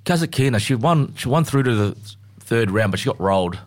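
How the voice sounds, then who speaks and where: A man hosting a casual radio sports chat, chatty and halting with fillers. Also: mid-range voice, lively intonation.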